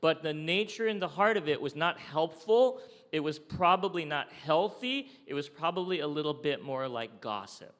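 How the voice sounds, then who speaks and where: A man's voice: a little high, a bit bright. A man preaching a sermon in a conversational way, often checking in with his listeners with "okay?" and "right?". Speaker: pastor. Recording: long hall reverb.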